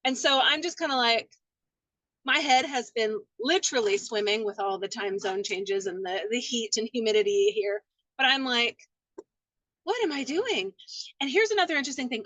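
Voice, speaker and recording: A woman with a notably high voice tells a long, earnest story on a group call. She rambles from one thought to the next. She is calling in from her car, and her voice comes through its hands-free system with a dry, close sound. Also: fairly bright tone, no echo, low-quality recording. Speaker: team member sharing on a call. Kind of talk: casual testimony sharing. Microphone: call audio through car hands-free system.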